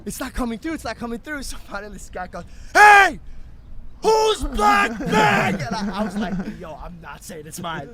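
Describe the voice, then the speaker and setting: A young man co-hosting a podcast, telling a story in casual chat and acting out quotes in loud, shouted bursts. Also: sits high, lively intonation, fast, hardly any pauses, over a noisy crowd. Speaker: podcast co-host.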